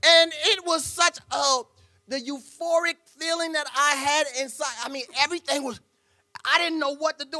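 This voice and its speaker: High, bright-voiced man telling a story. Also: moderate pace. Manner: animated, dramatic storytelling with sound effects. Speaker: guest speaker.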